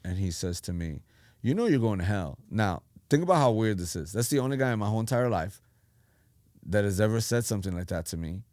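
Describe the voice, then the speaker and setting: Animated storytelling man, dry sound. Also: on the low side, fast talker, no room sound. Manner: animated storyteller who acts out quotes. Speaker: pastor, podcast guest. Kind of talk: telling his life story.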